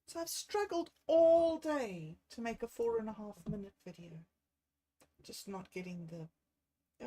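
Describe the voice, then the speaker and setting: A woman, talking on a livestream about a bad day. She thinks aloud in a candid, self-deprecating way and sounds low and unwell. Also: lively intonation, measured pace, dark tone, poor audio. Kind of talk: rambling personal livestream.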